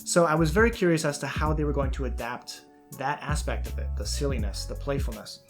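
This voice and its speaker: A man's voice: mid-range voice, fairly quick, soft background music. A man hosting a commentary video, talking casually with fillers and restarts as he reads out and reacts to a letter. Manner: conversational with frequent fillers and restarts.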